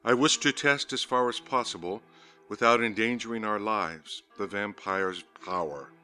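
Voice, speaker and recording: Over faint music, a man gives a dramatic audiobook reading of a gothic horror story, measured and ominous, lingering on words. His voice is fairly low, pushed and bright, with a clean tone.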